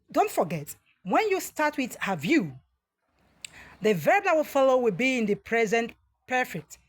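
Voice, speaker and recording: Animated Nigerian woman teaching grammar. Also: on the high side. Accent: Nigerian English. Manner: slow, deliberate model sentences with frequent "uh" fillers. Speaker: English pronunciation teacher. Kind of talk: spoken grammar lesson.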